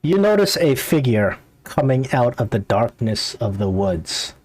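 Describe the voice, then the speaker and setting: Slow, halting male game master. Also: medium pitch, sing-song, a little mellow, slightly rough. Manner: halting narration with restarts. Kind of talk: narrating a tabletop game.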